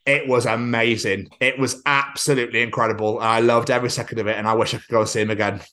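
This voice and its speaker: A man, co-hosting a podcast in casual chat, excitable and sweary, acting out quotes. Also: mid-range voice, fast talker. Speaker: podcast co-host.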